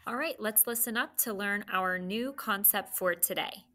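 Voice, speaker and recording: A woman's voice: mid-range voice, moderate pace, sharp tone, a little hiss or hum. A woman teacher leading third graders through a phonics sound drill, spelling out each pattern step by step.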